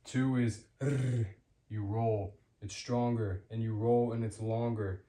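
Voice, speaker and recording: A man giving a casual spoken language lesson, hesitant with many fillers, repeating example words slowly. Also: on the low side, level tone, dark tone, reverberant. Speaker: language teacher.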